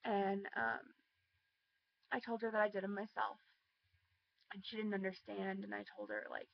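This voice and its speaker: Teen girl, vocal fry, chatty, ums and likes, muffled home video. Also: mid-range voice, little pitch movement, moderate pace, long pauses, slight background noise. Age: teenager. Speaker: vlogger. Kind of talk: casual storytime.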